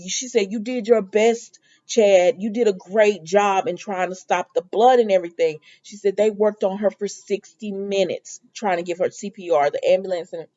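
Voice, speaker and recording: Chatty woman recapping a soap, mellow lo-fi. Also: medium pitch, steady tone, moderate pace, hardly any pauses. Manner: chatty, lots of "um" and "or whatever", quoting characters. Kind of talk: casual episode recap.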